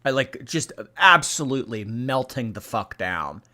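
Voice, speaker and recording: A man's voice: mid-range voice, big pitch swings, unhurried, bright, forceful tone. A man hosting a casual reaction stream, reading chat and giving blunt, chatty opinions with casual swearing.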